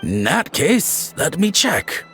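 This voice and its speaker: A man's voice: a little high, very animated, slow pace, a bit bright, full character voice. An actor playing a polite, salesman-like shop assistant in a video game. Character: courteous male shop assistant. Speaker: game character. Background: music.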